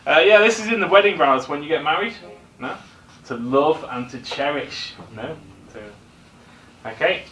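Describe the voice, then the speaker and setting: Teacher with frequent "no?" checks. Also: male voice, a little high, lively intonation, normal speed, a bit bright, a little hiss or hum. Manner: explaining, checks in with tag questions. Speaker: English teacher. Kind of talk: classroom lesson. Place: classroom. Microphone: recorder at a distance. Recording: echoey room recording from far off.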